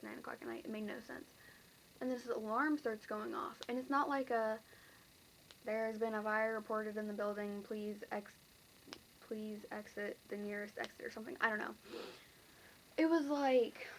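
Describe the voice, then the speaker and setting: A woman's voice: fairly high pitch, fairly even intonation, a little fast, slight background noise, rough recording. Rambling teenage girl telling a dream. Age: teens. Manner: rambling, filler-heavy, breathless retelling. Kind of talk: casual storytelling to camera.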